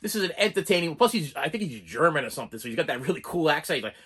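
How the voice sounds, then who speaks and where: Husky-voiced man rambling about movies. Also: fairly high pitch, lively intonation, rapid-fire, fairly bright tone. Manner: rambling, with frequent restarts and asides. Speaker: movie collection reviewer. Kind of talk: casual rambling vlog talk.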